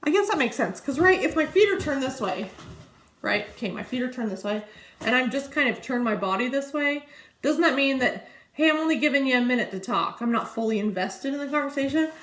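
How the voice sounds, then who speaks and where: Casting: woman, 30s, rambling vlogger voice, a bit high, roomy echo. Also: lively intonation, a little fast, a bit bright. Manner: chatty, rambling, easily sidetracked. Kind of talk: casual chat to camera. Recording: echoey room.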